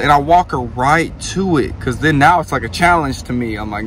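A man vlogging casually, telling a story in an animated, slangy way and plugging his merch. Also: mid-range voice, moderate pace, slight background noise.

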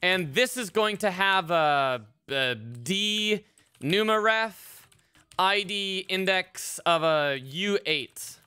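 A woman streamer live-coding and chatting casually, swearing freely as she thinks aloud with plenty of fillers. Her voice is bright and crisp, her pace unhurried, and the sound is dry and close. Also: fairly low pitch, expressive, dry recording. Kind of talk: casual live-stream chat while programming.

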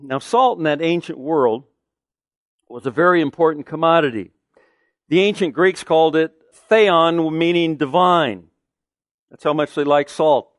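A man's voice: on the high side, a little slow, no echo, studio quality. A man preaching a sermon as pastor, emphatic, asking the listeners questions and answering them.

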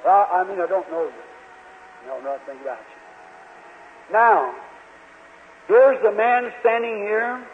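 A man preaching a sermon in a large church, telling a Bible story earnestly with halting restarts and quoted voices. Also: high voice, slight background noise. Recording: old lo-fi tape, hall reverb, tinny.

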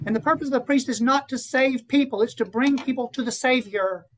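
A man's voice: very high-pitched, brisk, hardly any pauses, a bit bright, a little hiss or hum, low-quality recording. A man who is a priest, giving an earnest retreat conference to fellow priests and often putting rhetorical questions to them.

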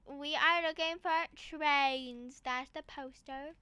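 Woman game host, gushing and dramatic, slow drawn-out delivery, very high voice. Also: no echo. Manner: excitable, gushing, playfully dramatic. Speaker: gaming channel host. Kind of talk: gameplay walkthrough commentary.

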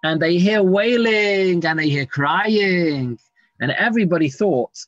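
Rabbi teaching Talmud in a dull, dry recording. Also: male voice, high voice, lively intonation, unhurried, a bit bright, no room sound. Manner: reads Aramaic text then explains it in English, many fillers. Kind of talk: Talmud class lecture. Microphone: screen-sharing online class.

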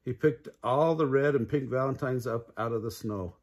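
A man's voice: mid-range voice, normal speed, a little mellow. An older man reading a children's storybook aloud, adding sound effects.

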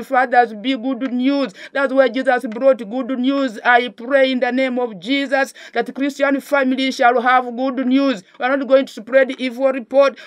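A woman pastor with a Ugandan English accent preaches a sermon. She presses her listeners with repeated rhetorical questions and exhortations. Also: a little high.

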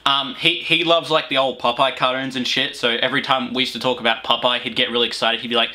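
Bright-voiced Australian teen reactor. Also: male voice, mid-range voice, fairly even intonation, a little fast. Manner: rambling, swearing, frequent fillers. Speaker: reaction video host. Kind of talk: profane comic reaction commentary. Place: small room at home with a heater running.

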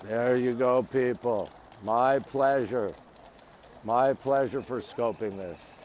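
This medium-pitched, slow male voice has a darkish tone and carries a little hiss or hum. He's live-streaming on his phone while strolling near a city landmark outdoors, chatting, greeting viewers again and again, replying to comments, and often saying "there you go."

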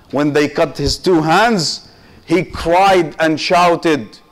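A man giving a Muharram sermon as a sheikh, with impassioned emphasis that rises and falls and quotations in Arabic. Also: on the high side. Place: community mosque hall.

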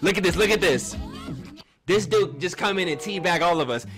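Young male streamer, slightly high voice, animated slangy reaction comic, faint music underneath. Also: moderate pace. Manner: animated, loose, slangy, jumps into shouted cheers. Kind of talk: comedic reaction commentary and storytelling.

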